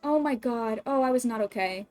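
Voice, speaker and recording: A woman streaming at home, chatting casually, emotionally expressive and swearing often. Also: fairly high pitch, moderate pace, soft background music. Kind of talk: casual livestream chat.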